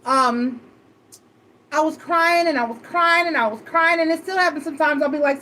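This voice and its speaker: A woman tarot reader telling a personal story in casual chat, animated and emotional, swearing freely. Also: high voice, moderate pace, a little hiss or hum.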